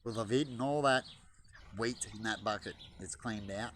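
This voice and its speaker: A man's voice: lowish voice, moderate pace, fairly bright tone, a little hiss or hum. Chatty man talking to backyard birds. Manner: chatty, jokey, talks to the birds. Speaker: vlogger. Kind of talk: casual chat to camera. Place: outdoors in a backyard. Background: birds chirping.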